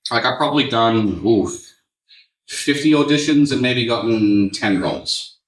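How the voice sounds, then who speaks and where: A man's voice: medium pitch, measured pace, distant mic. A man, chatting casually and rambling a little as a podcast host. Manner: relaxed, rambling storyteller. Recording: echoey room, a bit off-mic.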